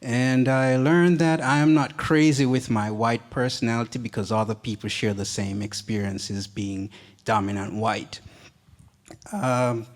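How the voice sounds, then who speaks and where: A man's voice: medium pitch, fairly even intonation, unhurried. A man from a congregation sharing his experience hesitantly, with many uhs.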